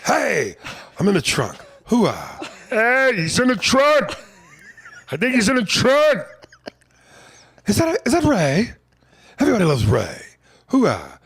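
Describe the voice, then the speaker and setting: A man's voice: high voice, wildly swooping pitch, takes it slowly, long pauses, fairly bright tone, a little hiss or hum, pitched above the performer's own voice, full character voice. A man putting on a whiny, nasal voice of a middle-aged man trapped in a car trunk, calling out over and over in a comedy podcast bit. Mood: pleading.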